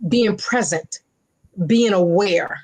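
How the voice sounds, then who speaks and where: A woman's voice: medium pitch, slow, a little mellow. Emphatic motivational woman guest. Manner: emphatic, motivational, repeats phrases for stress. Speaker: talk show guest, publicist. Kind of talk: casual interview chat.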